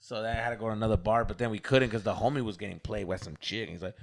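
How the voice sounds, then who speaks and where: A man, co-hosting a podcast and telling a story in casual, animated chat, swearing and mimicking others. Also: lowish voice, rapid-fire, gravelly. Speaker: podcast co-host.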